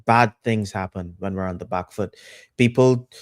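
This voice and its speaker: A man's voice: lowish voice, normal speed, dry recording, clean studio sound. A man on a podcast panel, talking football in a casual, emphatic way, repeating his points with lots of fillers.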